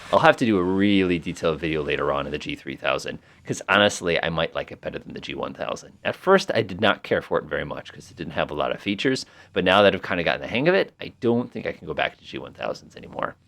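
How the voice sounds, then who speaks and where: A man hosting a flight simulator walkthrough, talking casually in an excitable, amused way with plenty of fillers. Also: sits low, fast, creaky, few pauses. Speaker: flight simulator video host.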